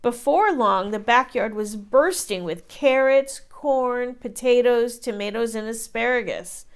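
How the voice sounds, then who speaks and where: The reader is a woman teacher whose clean voice sits on the high side. She goes a little slowly, reading a children's picture book aloud with expressive storytelling.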